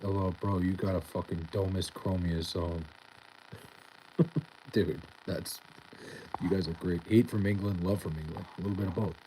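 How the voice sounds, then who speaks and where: A young man casually reading out and answering chat on a live stream, laid-back and profane with a deadpan tone. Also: low-pitched, moderate pace, pauses often, a little hiss or hum, poor audio.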